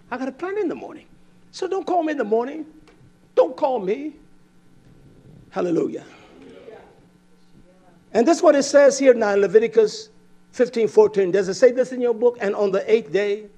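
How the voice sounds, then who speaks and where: A man preaching a fiery scripture sermon, confrontational, firing rhetorical questions and swinging between loud outbursts and low muttering.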